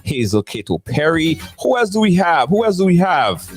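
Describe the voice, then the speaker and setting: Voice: medium pitch, big pitch swings, normal speed, faint music behind. A live-stream host who chats casually and playfully, greets viewers by name and repeats phrases over and over.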